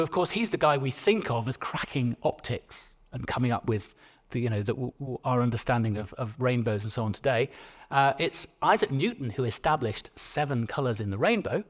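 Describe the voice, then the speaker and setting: A man giving a public lecture in a conversational, playful way, often restarting his sentences. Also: mid-range voice.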